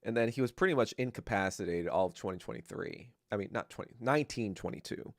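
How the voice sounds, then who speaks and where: A man's voice: fairly low pitch, expressive, fast talker, no room sound, clean studio sound. A young man hosting a podcast livestream, ranting casually in a crude, joking, rambling way. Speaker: podcast host.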